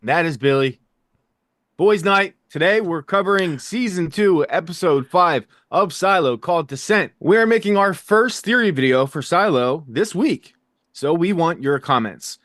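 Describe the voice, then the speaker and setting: A man hosting a casual TV recap chat, energetic and jokey, with quick fast-talking asides, recorded indoors. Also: a little high, no echo, clean studio sound. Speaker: podcast host.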